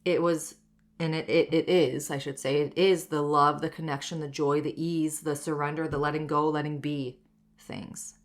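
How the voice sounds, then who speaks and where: Low-pitched and level, this woman's voice moves at normal speed as she hosts her personal wellness podcast. In her thirties, she reflects candidly in a monologue, peppering it with "like" and "you know."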